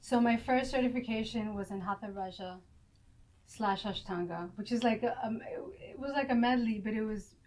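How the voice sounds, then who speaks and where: A woman's voice: fairly high pitch, fairly quick, hardly any pauses, darkish tone. A woman yoga teacher answering interview questions in a meandering, reflective way.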